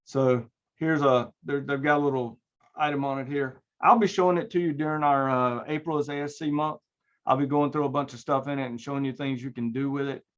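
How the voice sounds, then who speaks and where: A man's voice: mid-range voice, steady tone, fairly quick. Rambling male instructor on lo-fi audio. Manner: casual, rambling, many fillers and restarts. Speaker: networking instructor. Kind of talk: recorded online class lecture with screen share.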